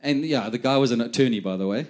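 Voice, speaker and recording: Talking fast in a mid-range, slightly mellow voice, this middle-aged preacher from South Africa tells stories conversationally. He frequently restarts, repeating words as he goes.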